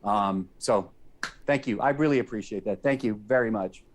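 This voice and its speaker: A man's voice: fairly low pitch, moderate pace, a little hiss or hum. Emotional, grateful male TV presenter. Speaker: entertainment reporter. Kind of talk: casual on-air chat. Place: TV studio.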